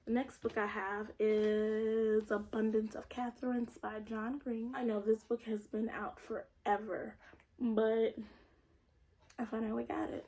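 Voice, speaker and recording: A woman's voice: a little high, level tone, a little slow, dark tone, low-quality recording. A young woman vlogger chatting casually and bluntly about her books, with the odd swear word. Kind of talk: casual book haul vlog.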